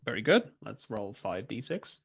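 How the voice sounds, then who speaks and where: A man's voice: on the low side, big pitch swings, moderate pace, creaky, slightly rough. A man acting as game master, narrating a tabletop game in a casual, rambling way with offhand asides.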